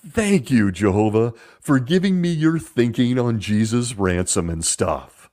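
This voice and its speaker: Sarcastic man with a lively voice. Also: mid-range voice, measured pace, hardly any pauses. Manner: sarcastic, mocking. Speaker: podcast host. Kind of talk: critical commentary.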